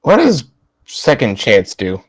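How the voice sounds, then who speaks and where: A man playing in a tabletop game over a voice call, asking about rules and narrating his character's moves with an animated manner. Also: medium pitch, slow, no echo. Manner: animated, bursts into character shouts. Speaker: player.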